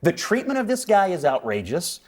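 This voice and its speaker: A man's voice: high-pitched, huge pitch swings, normal speed, a little hiss or hum. A man makes his point on a televised panel, his voice firm and indignant as he presses on. He talks like someone who expects to be heard out. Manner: forceful, indignant. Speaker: panel guest. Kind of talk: heated TV panel debate.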